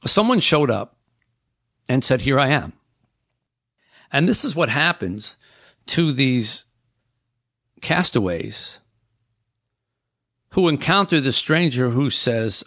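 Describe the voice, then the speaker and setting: A man's voice: medium pitch, expressive, fairly bright tone, dry recording, clean studio sound. Earnest man reading his own novel. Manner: earnest, measured storytelling. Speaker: author.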